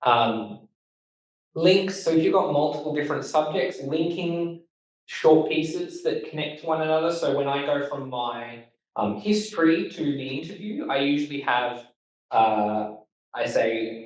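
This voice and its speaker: A man with an Australian accent giving a casual talk on making podcasts, talking quickly with lots of fillers and stressed words. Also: a little high, expressive. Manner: fast-talking, emphatic, loose with fillers. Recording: echoey room, voice from far off.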